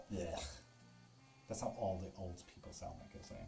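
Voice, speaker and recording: A man's voice: low voice, normal speed, pauses often. A man from Sweden reading tarot on a live stream at home, chatting casually with viewers in a teasing way and swearing freely. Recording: roomy echo with music behind.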